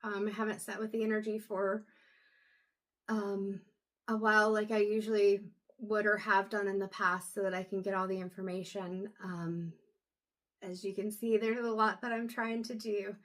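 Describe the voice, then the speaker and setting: A woman doing an intuitive reading, talking to camera in a soft, halting way with many pauses and low energy. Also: flat delivery. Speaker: intuitive reader. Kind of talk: casual talk to camera.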